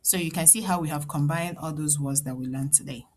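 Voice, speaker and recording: A woman with an Igbo accent teaching a children's language lesson, repeating each word slowly so learners can echo it and encouraging them along the way. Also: deep voice, darkish tone, a little hiss or hum. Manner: slow, drilled repetition of words for learners to echo; encouraging, addresses children and parents directly.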